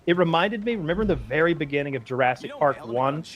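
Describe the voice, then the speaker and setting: A man who is a guest on a podcast, telling stories in an animated way with lots of stammered restarts. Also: on the high side, fast talker. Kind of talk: casual chat.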